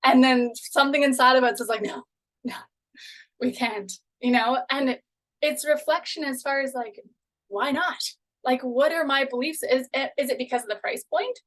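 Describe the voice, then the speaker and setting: Woman coach, higher voice, relaxed chatty encouragement, live web workshop over a call mic. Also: low-quality recording. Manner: chatty, encouraging, lots of "you know" and "okay". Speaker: manifestation coach. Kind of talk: live online workshop talk.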